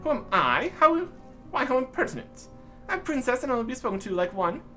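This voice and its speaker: A man's voice: extremely high pitch, sing-song, moderate pace, pushed and bright, faint music behind, pitched above the performer's own voice, full character voice. A man voicing a haughty, rude young princess with a snooty, dismissive manner.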